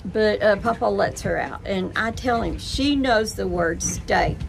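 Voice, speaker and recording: A woman's voice: mid-range voice, unhurried, vocal fry, noisy background. An older woman chatting casually to her viewers, telling rambling stories full of fillers. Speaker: vlogger.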